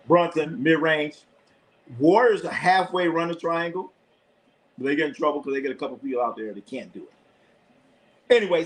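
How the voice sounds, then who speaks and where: This man calls a game live in a laid-back sports chat, shouting at the players, cursing casually, and staying excitable throughout. He has a mid-range voice, and the audio is poor.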